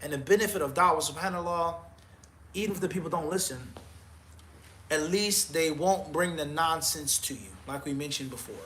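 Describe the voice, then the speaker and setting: A man's voice: on the high side, normal speed, fairly bright tone, a little hiss or hum. Firm, exhorting male preacher. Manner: firm, exhorting, counts points, jokes about himself. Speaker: mufti answering questions. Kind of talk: live Q&A answers.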